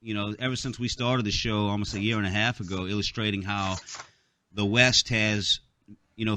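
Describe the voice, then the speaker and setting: Low bright-voiced male radio host. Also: slight background noise. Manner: rambling, many "you know" fillers. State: hiccups. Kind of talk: casual talk radio monologue.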